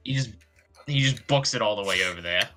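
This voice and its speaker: A man playing a tabletop role-playing game, talking loosely and now and then bursting into loud character lines. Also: lowish voice, a little fast, noisy background. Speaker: player.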